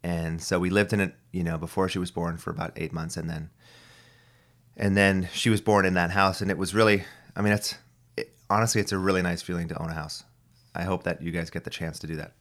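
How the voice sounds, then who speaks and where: Podcast host, man in his thirties, very deep voice; loose, profane, rambling delivery. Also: steady tone, fairly quick, a bit bright. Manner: profane, ranting, full of restarts. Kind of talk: casual rambling monologue.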